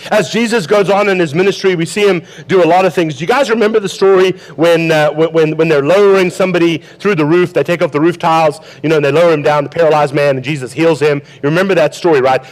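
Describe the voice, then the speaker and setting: On a rough recording, a male pastor with a slightly high voice preaches a sermon conversationally. He asks the congregation questions and acts out quotes from the Bible.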